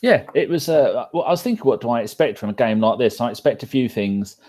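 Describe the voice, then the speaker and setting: A man's voice: mid-range voice, lively intonation, fast, darkish tone. A man joking around as a podcast co-host, self-mocking and casual.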